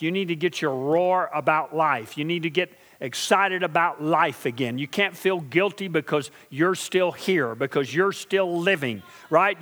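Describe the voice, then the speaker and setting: A middle-aged man preaching to his congregation in a fairly high voice, with a long hall reverb trailing behind him. He drops to slow, hushed intensity and then climbs into loud, driving emphasis, checking in with his listeners as he goes. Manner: preaching with call-and-response asides to the congregation; shifts from quiet, slow intensity to loud, emphatic build-ups. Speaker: pastor. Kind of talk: sermon.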